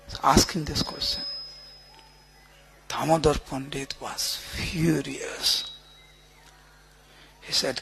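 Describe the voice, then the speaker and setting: A man's voice: fairly high pitch, fairly even intonation, takes it slowly, gravelly, pauses often, a bit bright, breathy edge. A man giving a devotional storytelling sermon on a pilgrimage, dramatic and coaxing the crowd to answer back. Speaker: speaker on a pilgrimage tour.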